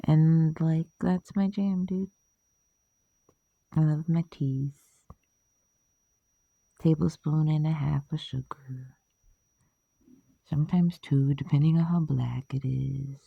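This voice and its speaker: A woman's voice: low-pitched, steady tone, takes it slowly, creaky, long pauses, dry recording, narrow, tinny audio. A woman chatting casually in a rambling way, swearing, laughing often and losing her train of thought. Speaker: vlogger.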